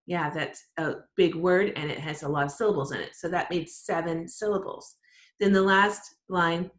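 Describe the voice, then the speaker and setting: A woman teacher giving an online writing lesson to her class, upbeat and encouraging, explaining slowly. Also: on the low side, fairly bright tone. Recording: roomy echo.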